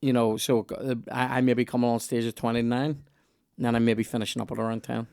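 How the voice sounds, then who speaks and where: A man's voice: mid-range voice, level tone, fast, vocal fry, a little mellow, clear, resonant tone, no echo, studio quality. A man hosting a podcast, chatting casually and joking with many restarts. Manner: chatty, jokey, trailing restarts. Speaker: podcast host. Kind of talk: casual chat.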